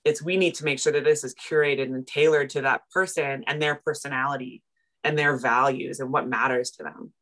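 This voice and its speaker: A woman from Canada, a personal finance coach, telling her story in a casual interview, self-deprecating and animated. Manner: animated, self-deprecating, quick retellings with big pitch jumps in quoted moments.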